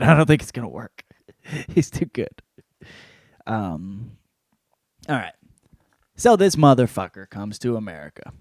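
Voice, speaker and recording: A man hosting a podcast, rambling through a casual book review with constant swearing and animated storytelling. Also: on the low side, unhurried, pauses often, no echo, clean studio sound. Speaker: podcast host.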